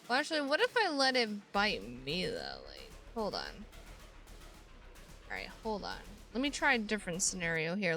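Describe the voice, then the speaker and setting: A woman's voice: medium pitch, wildly swooping pitch, normal speed, gravelly, over music. A woman streamer reading a visual novel aloud, breaking off into casual, sweary asides.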